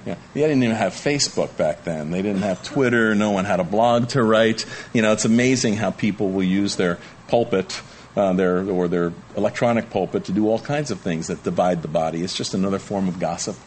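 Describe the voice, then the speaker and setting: A man preaching a sermon to a congregation, pleading and emphatic, with lively swings in his delivery. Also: fairly quick, slight background noise. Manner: animated, pleading emphasis with wide pitch swings. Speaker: pastor. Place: church room with a congregation.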